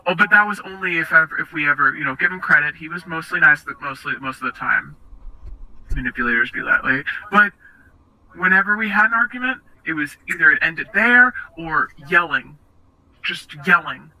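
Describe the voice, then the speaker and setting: A young woman being interviewed, recounting personal experiences in a halting, hesitant way with many restarts. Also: low voice, animated, bright, forceful tone, low-quality recording. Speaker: interview guest.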